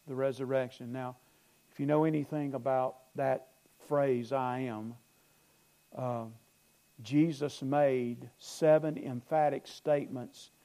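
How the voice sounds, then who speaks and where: Earnest and creaky-voiced, a man preaches as a pastor, rising to loud swells and then sinking low. Repetitions and restarted phrases run throughout his sermon.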